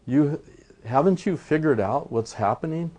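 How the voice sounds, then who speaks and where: Man doing laughing coyotes, taunting, drawn-out, high and swooping. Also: expressive, warm tone. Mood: mocking.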